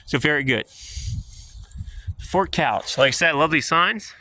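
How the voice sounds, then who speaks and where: Male vlogger from central PA, casual and jokey on an outdoor tour, bright, fairly high voice. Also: animated, unhurried, a little hiss or hum. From central Pennsylvania. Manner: chatty, joking, loosely rambling. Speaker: history vlogger. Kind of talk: casual walking tour vlog. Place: outdoors on a hilltop park.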